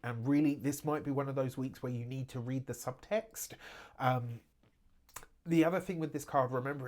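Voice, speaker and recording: A man reading tarot cards for viewers in a loose, conversational way. He chats freely, tosses in quick asides and jokes at his own expense. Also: mid-range voice. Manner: chatty, laughs at himself, frequent "right?" asides. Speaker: tarot reader. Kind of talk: casual tarot reading to camera.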